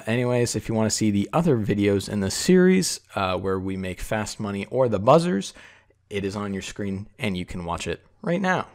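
A young man talking casually as a Minecraft YouTuber, relaxed and rambling, with frequent filler words over a time lapse. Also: lowish voice.

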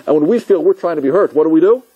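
A rabbi teaching a class, telling stories with lively acted-out quotes and asking his listeners questions. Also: on the high side, rapid-fire, husky, dull audio. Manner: animated storytelling, asks the audience questions, acts out quotes. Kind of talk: lecture to a class.

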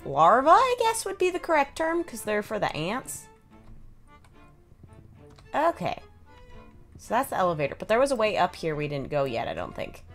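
A woman's voice: medium pitch, huge pitch swings, normal speed, pauses often, fairly bright tone, faint music behind. A woman giving casual, chatty commentary while playing a video game, thinking aloud and laughing often. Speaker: gameplay streamer.

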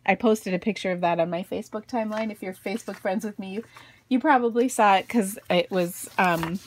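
Gravelly chatty lady doing a craft tutorial at home, giggly, pokes fun at herself. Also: medium pitch, slight background noise. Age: middle-aged. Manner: chatty, giggly, self-deprecating asides. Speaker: craft video host.

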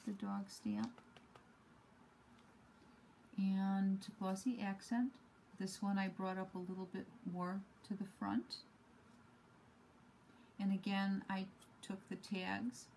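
A woman showing her handmade cards at home in an unhurried, self-deprecating way, with many ums and uhs. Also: medium pitch, creaky, warm tone, a little hiss or hum, rough recording. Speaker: card-making hobby vlogger. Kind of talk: casual show-and-tell craft demo.

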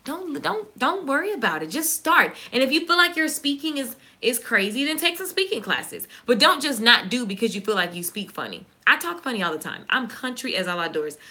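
A woman with a Southern accent chats to her channel's viewers, joking and reacting to comments. Her voice sits a bit high and sounds bright and forceful. She talks fast and loose, like she's among friends. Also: big pitch swings. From Southern United States. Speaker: YouTuber. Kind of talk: casual live-stream chat.

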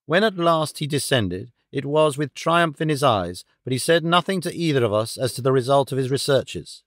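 A man's voice: mid-range voice, expressive, moderate pace, a bit bright, no echo, studio quality. Man narrating an audiobook. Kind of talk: scripted narration.

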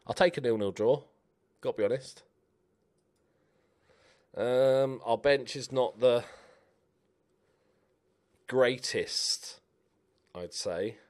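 A young man giving chatty, animated commentary while playing a game, cheering on his players. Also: medium pitch, takes it slowly, long pauses. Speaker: gaming YouTuber. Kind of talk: casual let's-play commentary.

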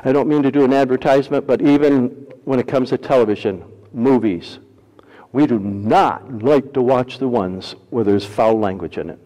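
A man preaching a sermon as pastor, folksy and humorous, swinging between loud emphasis and hushed, quiet lines. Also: medium pitch, moderate pace, long reverb tail, poor audio.

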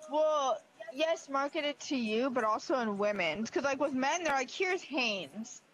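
Chatty rambling woman with a higher voice. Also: normal speed, fairly bright tone, poor audio. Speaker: let's play co-host. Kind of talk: casual gaming banter.

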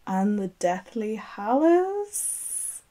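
A woman's voice: mid-range voice, big pitch swings, drawn-out words, mellow. A woman guesting on a casual podcast, giggly and a little nervous.

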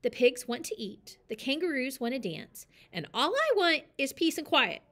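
A woman's voice: a little high, sing-song, moderate pace. A woman doing a fussy, fed-up old owl. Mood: exasperated. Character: fussy male owl, landlord-like and weary.

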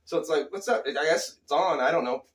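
A middle-aged man from Phoenix, Arizona, telling a childhood story casually, animated and chuckling, with loose slang. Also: fairly high pitch, fairly quick.

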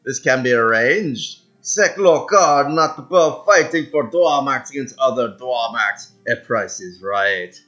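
A man's voice: mid-range voice, expressive, a little slow, hardly any pauses, pushed and bright, muffled recording. A man voicing a boastful male alien marauder chieftain with a put-on Mediterranean-Caribbean accent and broken-English taunts. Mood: scheming. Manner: broken-English boasts, whooping war cries.

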